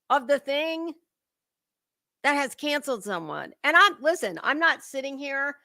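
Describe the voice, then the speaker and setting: Woman doing a drama commentary stream, slow and gravelly, swears a lot, greets chat. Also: high-pitched, pushed and bright, no echo, clean studio sound. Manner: chatty, swears freely, greets chat viewers by name. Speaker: livestream commentary host. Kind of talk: casual livestream commentary.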